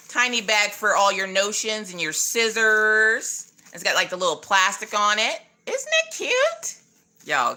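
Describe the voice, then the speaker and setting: A woman's voice: medium pitch, sharp tone, slight background noise. A woman hosting a casual craft livestream, playfully greeting chat viewers by name and joking with them as she unboxes.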